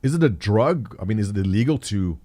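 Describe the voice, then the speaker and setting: A fairly low, warm, animated voice belongs to this middle-aged livestream host, who talks fairly quickly. He jokes around casually with viewers, rambling, thinking aloud, and reading the chat.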